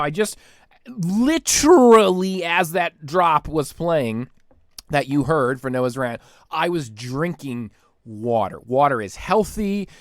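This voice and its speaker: A man hosting a podcast, delivering an excitable, rambling comedic rant and laughing often at his own tangents. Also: a little high, no echo, studio quality. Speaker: podcast host.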